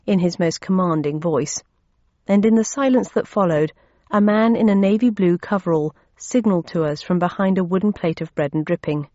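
A woman's voice: lowish voice, moderate pace, dark tone, no room sound. A woman reading an audiobook aloud with a dry, wry storytelling manner. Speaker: audiobook narrator. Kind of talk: audiobook narration. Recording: dull lo-fi audio.

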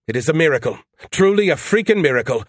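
Smug sarcastic ship AI, mocking and theatrical, higher and brighter, voiced by a male narrator. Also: sing-song, fast, dry recording, clean studio sound.

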